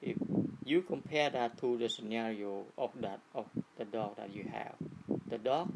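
Gravelly guy teaching casually, lots of okay and right?, heavy hiss behind. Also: medium pitch. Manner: repetitive, halting, checks in with "right?" and "okay". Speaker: speaker giving a talk on attachment. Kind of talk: informal teaching talk. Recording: loud background noise.

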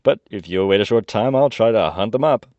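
A bumbling, timid soldier drawls his answers slowly and dimly, as a man reading a storybook puts him on, a little higher than the reader's own voice. The recording is dull and dry. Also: lively intonation, a little mellow, no room sound, lightly acted. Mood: dopey. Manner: slow, dim-witted drawl. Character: timid, bumbling lone male soldier with green whiskers.

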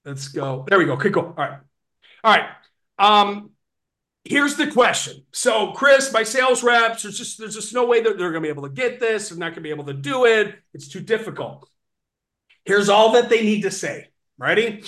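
A man giving an energetic sales training talk on a video call, animated and acting out sales pitches. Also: fairly quick. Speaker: webinar presenter on sales financing.

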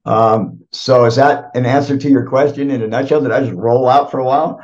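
A man's voice: medium pitch, steady tone, a little fast, a little mellow. A middle-aged man talking casually as a podcast guest, rambling with lots of fillers and frequent "right?" checks. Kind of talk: casual reflective talk. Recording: dull lo-fi audio.

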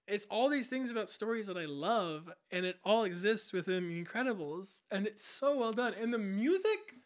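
A man's voice: high-pitched, big pitch swings, normal speed. A young man co-hosting a podcast, chatting casually and enthusiastically, rambling and acting out movie scenes. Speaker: podcast co-host. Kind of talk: casual chat.

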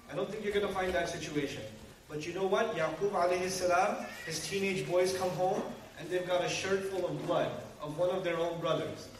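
A man preaching a sermon to a live audience, animated and full of rhetorical questions aimed at the listeners. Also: high-pitched, a little hiss or hum. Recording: very echoey hall, mic far off, faint ambience.

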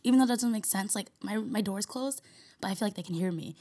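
A woman's voice: mid-range voice, fast talker, warm tone. A young woman co-hosting a podcast, chatting casually, rambling and laughing often. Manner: giggly, rambling, heavy use of "like". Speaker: podcast co-host. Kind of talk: casual chat.

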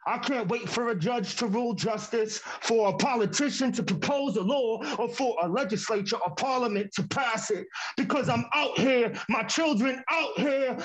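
A man performing an impassioned spoken word piece over a video call, rhythmic and building to shouts. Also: very high-pitched, moderate pace, few pauses, rough recording.

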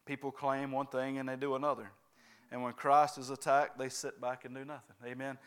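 A man's voice: medium pitch, level tone, brisk, fairly bright tone, clear, resonant tone. A man preaching a sermon, constantly checking in with his congregation by asking "right?" and "amen?".

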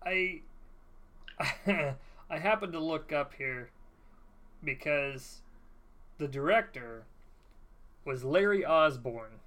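Co-host, deadpan wisecracker, casual, bright-voiced. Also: mid-range voice, slow pace, pauses often. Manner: dry, deadpan jokes. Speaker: podcast co-host. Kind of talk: casual riffing commentary.

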